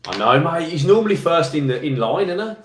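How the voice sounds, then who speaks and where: A man hosting a football phone-in, casual and matey, calling everyone mate. His voice sits in a roomy space with a clear echo. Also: a little high, big pitch swings, brisk. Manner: matey, says mate a lot. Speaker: host.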